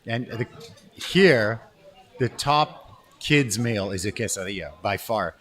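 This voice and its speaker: A Canadian man hosting a casual interview, enthusiastic and quick to chime in with affirmations. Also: lowish voice, expressive, a bit bright. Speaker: podcast host.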